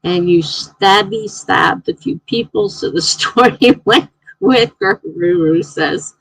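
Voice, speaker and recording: A woman's voice: mid-range voice, sing-song, slow pace, vocal fry, fairly bright tone, slightly rough, no echo, poor audio. A woman hosting a casual writing livestream. She chats, laughs often, thinks aloud and reads viewer comments out.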